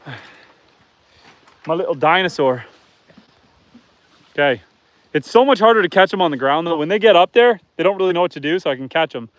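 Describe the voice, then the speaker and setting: High-voiced chatty homestead host. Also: male voice, expressive, a little fast, long pauses, no room sound. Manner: chatty, talks to his animals and to viewers. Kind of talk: casual live-stream chat. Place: outdoors on a farm among animals.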